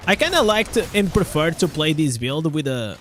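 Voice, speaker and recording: A man's voice: fairly high pitch, very animated, moderate pace, a bit bright, a little hiss or hum. A young man with a Portuguese accent chatting casually on a live stream, often restarting his words and swearing now and then.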